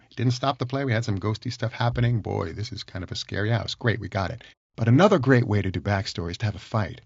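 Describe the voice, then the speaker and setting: An enthusiastic man hosts a solo podcast, leaning on his points and coming back to them. His voice is gravelly and a little husky, and it sits fairly low. The recording is dry and slightly dull. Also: no room sound. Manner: enthusiastic, emphatic, repeats points. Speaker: podcast host.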